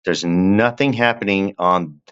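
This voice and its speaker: A man, a guest telling a long story in a relaxed, conversational way and often turning to the listener with asides. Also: sits low, unhurried, smooth, muffled recording. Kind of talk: casual storytelling.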